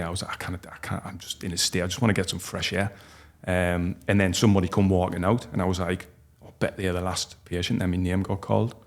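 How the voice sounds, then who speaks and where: A man, telling a personal story as a podcast guest in a halting, heartfelt way with many restarts. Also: low voice. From North East England. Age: 40s.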